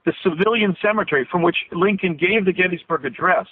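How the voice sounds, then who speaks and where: Heard over a tinny, dry phone connection, a fifty-something man with a high, fast, slightly breathy voice rambles earnestly through a long story as a guest on a call-in radio show, restarting often.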